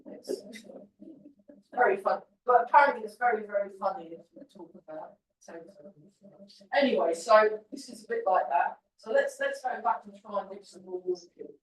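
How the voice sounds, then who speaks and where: A woman teaching a tai chi class, chatty and encouraging as she talks through the moves. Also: mid-range voice. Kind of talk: teaching a class while demonstrating. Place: large roomy class hall. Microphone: camera at a distance. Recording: echoey hall from far off.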